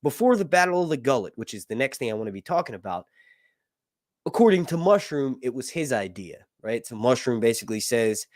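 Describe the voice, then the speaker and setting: A man's voice: mid-range voice, big pitch swings, a little fast, a little mellow, dry recording, studio quality. A man from the United States giving casual, opinionated video commentary, ranting with frequent fillers and tag questions. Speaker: YouTube commentator.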